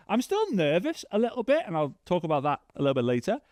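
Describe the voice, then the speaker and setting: A young man giving a workshop talk to a live audience, telling a story with lively, acted-out dialogue. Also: brisk, hardly any pauses, dry recording, studio quality. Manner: animated, acts out dialogue with big pitch jumps. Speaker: workshop speaker.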